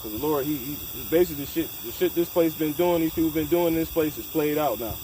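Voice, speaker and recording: A man's voice: fairly high pitch, fast, warm tone, slight background noise, poor audio. A man leading a casual scripture discussion, emphatic and profane, mixing street slang with Bible reading. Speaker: scripture study leader.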